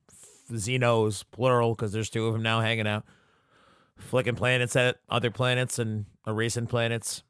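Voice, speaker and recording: Recorded with clean studio sound and no echo, a man with a mid-range voice hosts a podcast alone, casually recapping an episode. He rambles, jokes and curses often.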